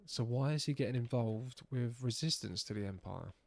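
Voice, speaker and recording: An English man streaming a game, making quiet, self-deprecating asides as he plays. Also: medium pitch, moderate pace, creaky. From England. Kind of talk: game commentary.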